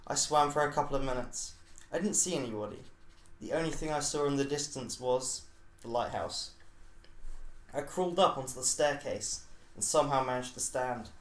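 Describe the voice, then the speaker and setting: A man co-hosting a podcast who reads his own story in a measured storybook way. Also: mid-range voice. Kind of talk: scripted narration read aloud. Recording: echoey room mic.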